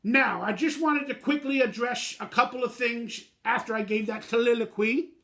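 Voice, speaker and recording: A man's voice: extremely high pitch, normal speed, fairly bright tone. A man hosting his own fan channel, giving a blunt, emotional postgame reaction rant in plain slangy talk.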